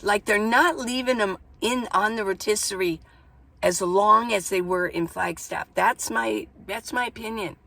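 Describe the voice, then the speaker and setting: Woman, casual van-life vlogger, gravelly, talks in loose rambling stories. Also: medium pitch, unhurried, pushed and bright. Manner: rambling, chatty, storytelling. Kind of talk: casual chat to camera. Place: inside a minivan.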